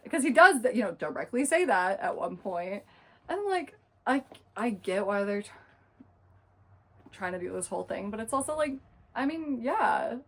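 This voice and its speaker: A young woman recapping a book in a casual, chatty way, full of fillers and quick asides. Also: mid-range voice, very animated, husky. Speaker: book reviewer.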